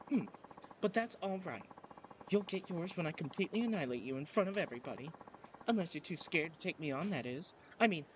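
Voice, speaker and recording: A man's voice: high-pitched, a little hiss or hum, lightly acted, poor audio. A man reading a game aloud, voicing a vain young female idol rival with a haughty, taunting manner. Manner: haughty, taunting, self-important. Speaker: let's play narrator.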